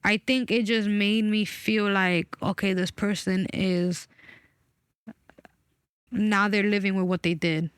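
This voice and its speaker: A woman's voice: medium pitch, fairly even intonation, slow, pauses often, clean tone, dry recording. A woman in her forties talking candidly and emphatically about a personal experience, swearing freely. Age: 40s. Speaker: guest.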